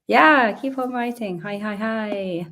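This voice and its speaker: A British woman from the UK, a little croaky from a sore throat, hosting a chatty, upbeat live-stream Q&A from home and greeting her viewers. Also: mid-range voice, slow pace, fairly bright tone. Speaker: host. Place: home indoors.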